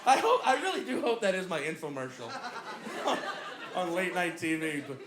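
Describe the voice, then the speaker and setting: A male stand-up comedian telling an animated, punchy story on a comedy club stage. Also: high voice, moderate pace, noisy background.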